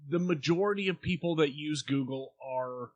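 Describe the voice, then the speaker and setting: A podcast co-host from Oklahoma talks with a drawl and gets to the point in a blunt, matter-of-fact way. His voice sits a bit higher than most men's and sounds dry and close to the microphone. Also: normal speed, no room sound, muffled recording. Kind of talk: casual chat.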